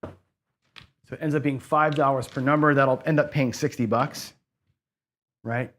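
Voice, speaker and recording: A man's voice: medium pitch, fairly even intonation, unhurried, a bit bright, a little hiss or hum. A man hosting a casino craps video, thinking aloud through bet math, correcting himself and chatting to viewers. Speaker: host playing casino craps. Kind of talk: casual gambling commentary.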